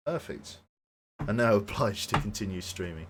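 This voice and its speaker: A man's voice: lowish voice, animated, normal speed, background noise. A man with a Birmingham accent chatting casually as a game streamer, rambling and chuckling, his voice tired and strained close to giving out. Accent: Brummie (Birmingham). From Birmingham, England. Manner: rambling, self-interrupting, chuckles often. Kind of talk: casual stream sign-off chat.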